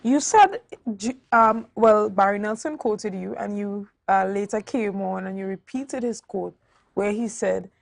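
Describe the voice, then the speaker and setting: A woman hosting a talk show, asking soft-spoken, probing questions. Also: medium pitch, unhurried, creaky, no room sound. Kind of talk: studio talk show interview.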